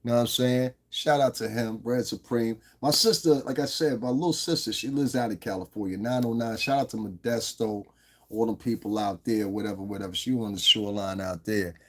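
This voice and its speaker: A middle-aged man with a slightly low voice talks a bit fast as he hosts an unscripted livestream. He lives in Las Vegas and addresses the viewers in his chat directly, bluntly, and with plenty of swearing.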